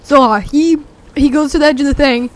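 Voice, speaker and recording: A young teenager rambling excitedly through a story with many fillers, talking over gameplay. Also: sits high, brisk, a little hiss or hum. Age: young teen. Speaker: gameplay commentator.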